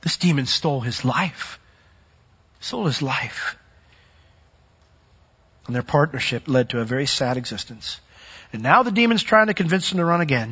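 Husky animated male preacher. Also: medium pitch, normal speed, pauses often, highs cut off. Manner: animated, dramatizes the demon's voice with sudden loud swells and soft drops. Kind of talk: sermon.

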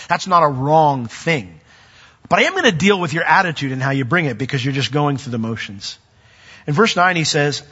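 A man preaching a sermon as pastor, chatting with the congregation in asides and building to loud, emphatic peaks when he reads scripture. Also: a little high, husky, long reverb tail, dull audio.

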